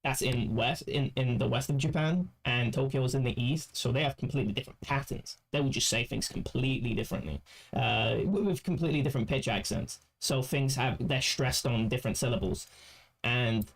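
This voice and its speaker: A man giving casual commentary as a streamer, rambling and halting with many restarts. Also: medium pitch, gravelly. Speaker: streamer reacting to clips.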